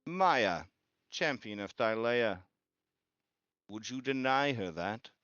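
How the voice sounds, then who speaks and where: A man voicing a cryptic one-eyed female seer who speaks in slow, grave pronouncements. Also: mid-range voice, lively intonation, fairly bright tone, no room sound. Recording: slightly muffled, faint music behind.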